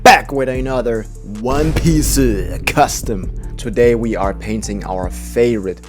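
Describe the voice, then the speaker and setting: A young man hosting a comedic monologue, talking fast in loud, slangy, hyped bits. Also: medium pitch, music in the background. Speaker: custom shoe painter and channel host.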